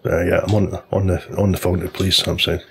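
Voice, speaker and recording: A man's voice: deep voice, level tone, quick pace, husky. A man casually telling a long, rambling story while commenting on a golf video game. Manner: chatty storyteller, loose and informal, many restarts.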